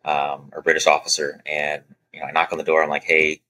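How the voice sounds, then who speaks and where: A man's voice: a bass voice, fast. A man as a podcast guest, telling a military training story casually, acting out what people said with lots of "you know.". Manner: animated anecdote-telling, acting out quoted dialogue with many "you know" fillers. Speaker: podcast guest, former Air Force special operator.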